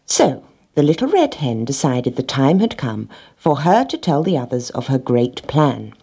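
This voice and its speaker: A woman reads a children's storybook aloud in a gentle, expressive way. Her voice is low and husky, and her intonation swings widely as she tells the tale. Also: normal speed. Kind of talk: storybook narration.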